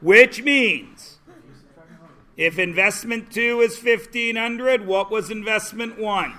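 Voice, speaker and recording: A man teaching a math class, animated and joking, explaining word problems and telling stories to his students. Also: high voice, slow pace. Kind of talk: classroom lecture.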